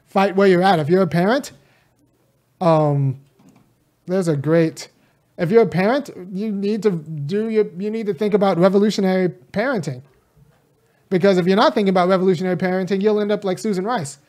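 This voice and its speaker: A man's voice: sits high, a little fast, a little mellow. A man from California who teaches college, speaking to camera in a casual political monologue. He talks with conviction, addresses his viewers directly and wanders into rambling asides.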